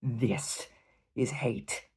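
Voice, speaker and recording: A booming, sneering barbarian king, as a man reads him aloud from a fantasy novel. He hammers each word with scorn, loud and emphatic, with a husky edge to his voice. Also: flat delivery, drawn-out words, full character voice. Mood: roaring. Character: proud, scornful barbarian warrior king, male. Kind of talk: dramatic reading of a novel.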